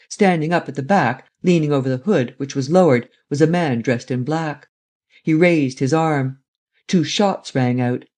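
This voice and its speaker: A man narrating a classic adventure novel in a steady, even storytelling manner. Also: on the high side. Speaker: audiobook narrator. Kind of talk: scripted narration.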